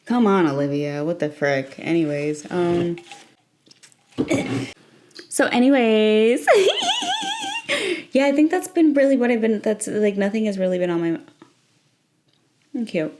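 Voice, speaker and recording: A woman's voice: lowish voice, a little mellow. A young woman chatting casually in a late-night vlog, rambling and playful, breaking into squeals and laughter. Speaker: vlogger.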